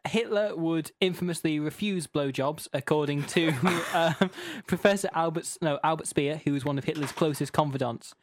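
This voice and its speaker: A man's voice: on the high side, normal speed, few pauses, a little hiss or hum. A man hosting a podcast, narrating a comic choose-your-own-adventure with wry, giggly delivery. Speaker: podcast host.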